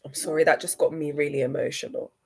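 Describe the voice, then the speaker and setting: Emotional, halting woman on a livestream. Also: sits low, steady tone, vocal fry, a little hiss or hum. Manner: emotional, halting, repeats herself. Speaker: live stream host.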